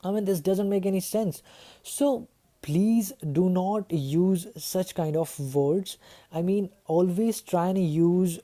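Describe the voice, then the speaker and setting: A woman's voice: sits low, mellow. A woman teaching a lesson to camera, chatty, ending her points with tag questions. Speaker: communication skills teacher.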